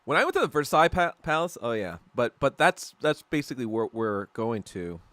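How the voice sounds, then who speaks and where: Very animated and brisk, a young man with a medium-pitched, fairly bright voice hosts a casual podcast livestream while eating, with no echo on the audio. He tells rambling stories, laughs a lot and swears constantly.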